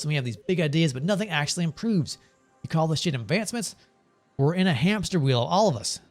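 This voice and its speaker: A man's voice: on the high side, a little mellow, lightly acted. A man reading the lines of a bitter older former financier who rambles and swears about war and greed. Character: bitter older man, former money-circles big shot, ranting.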